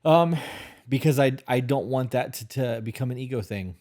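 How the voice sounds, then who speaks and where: A man co-hosting a podcast in casual chat. He speaks in a reflective, halting way and often restarts mid-sentence as he searches for words. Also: medium pitch, darkish tone. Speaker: podcast co-host.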